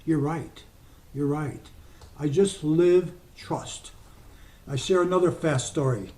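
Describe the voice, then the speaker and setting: Older man telling stories, slow soft suggestions. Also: fairly high pitch. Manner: storytelling, slows to soft deliberate suggestions. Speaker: hypnotist speaker. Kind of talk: talk to an online group, with guided suggestion.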